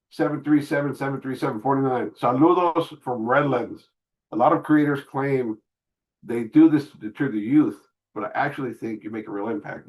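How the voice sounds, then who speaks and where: A man's voice: mid-range voice, poor audio. A middle-aged man hosting a casual livestream Q&A, reading viewer messages aloud and answering candidly in street slang. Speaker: livestream host reading super chats.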